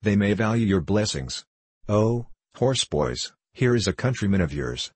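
Storybook role: a man doing a gruff, suspicious old trader, deep and husky. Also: sing-song, a little slow, dry recording, full character voice. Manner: blunt, suspicious, commanding. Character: gruff elderly male Afghan horse trader.

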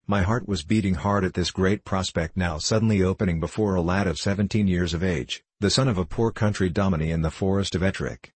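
A man narrating an audiobook of a classic novel in a steady, unhurried storytelling manner. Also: low-pitched, husky, dry recording. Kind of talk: scripted narration.

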